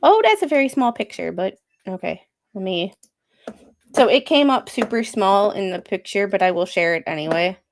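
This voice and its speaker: A woman's voice: medium pitch, expressive, normal speed. Chatty woman reading a lawsuit. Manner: chatty, sarcastic asides, frequent fillers. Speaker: livestream host. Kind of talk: casual livestream, reading a court filing aloud.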